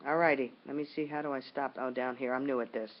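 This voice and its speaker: A woman's voice: rumbling low, fairly even intonation, fast talker, dull audio. A woman recording a casual video message at home, talking in a rambling, colloquial way with lots of fillers and restarts. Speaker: vlogger speaking to viewers.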